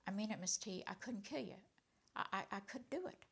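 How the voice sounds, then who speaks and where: A woman voicing a guarded, gruff teenage boy in prison, in her own everyday voice. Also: mid-range voice, big pitch swings, rapid-fire, bright, forceful tone, full character voice. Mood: halting.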